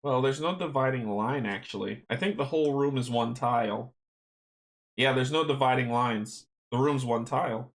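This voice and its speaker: A man's voice: medium pitch, moderate pace. A man playing a board game solo, reading the game text aloud and chatting to himself with chuckles. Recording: roomy echo.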